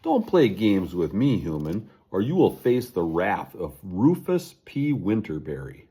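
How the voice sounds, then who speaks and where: A man's voice: low-pitched, wildly swooping pitch, measured pace, dark tone, breathy edge, full character voice. Man doing blustering old Sasquatch Rufus. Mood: angry. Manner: blustering, accusing. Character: gruff old male Sasquatch, strong and suspicious.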